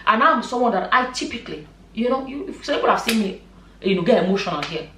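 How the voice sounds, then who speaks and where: A woman's voice: a little high, expressive, quick pace, a bit bright. A woman vlogger and mother giving her opinion in a passionate, emphatic way, repeating points for stress. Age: adult, a mother. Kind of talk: opinion vlog commentary. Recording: echoey room, mic at a distance.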